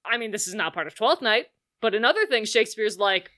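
A woman co-hosting a casual comedic film recap, animated and swearing freely, acting out characters in quick voices. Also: fairly high pitch. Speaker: podcast co-host.

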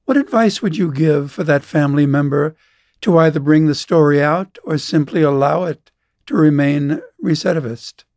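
A man's voice: fairly high pitch, moderate pace, darkish tone, dry recording. Formal male interviewer, dry sound. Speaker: interview host. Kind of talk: interview question.

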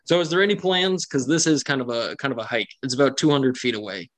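A man runs a tabletop game as its game master, narrating the scene at an ordinary mid pitch. He talks in a chatty way, full of fillers, and laughs often. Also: quick pace, a bit bright.

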